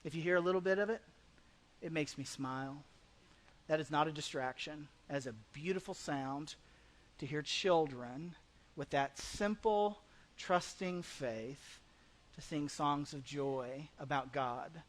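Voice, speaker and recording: A pastor preaching a conversational sermon in a church, now and then acting out the people in the story. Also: male voice, a little high, measured pace. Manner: conversational preaching, acts out quoted voices. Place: church sanctuary.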